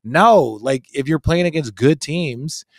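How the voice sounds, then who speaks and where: A man's voice: fairly high pitch, a little slow, no echo, studio quality. A man in his forties, a guest analyst in a casual podcast chat, talking emphatically and swearing freely.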